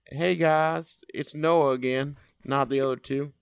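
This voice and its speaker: Tired old prospector voice from a man, put-on Southern drawl, slow, smooth. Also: a little high, steady tone, dry recording. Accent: put-on American Southern. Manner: slow, drawn-out delivery. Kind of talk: reading a listener letter in character.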